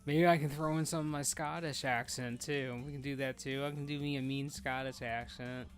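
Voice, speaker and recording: A man's voice: mid-range voice, fairly even intonation, moderate pace, faint music behind. A man streaming an online game as raid leader, casually chatting and giving blunt, profane instructions to his teammates. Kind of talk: casual live gaming chat.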